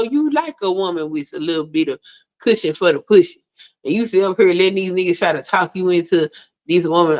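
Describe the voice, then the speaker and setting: A woman hosting a livestream, ranting bluntly to her chat and swearing freely, with indignant peaks. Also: fairly low pitch. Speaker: livestream host. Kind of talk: casual ranting monologue to a live chat. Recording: dull lo-fi stream audio.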